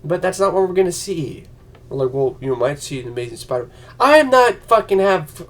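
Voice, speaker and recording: A man ranting on a vlog, profane and heated, slipping into mocking voices. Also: high voice. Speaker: vlogger.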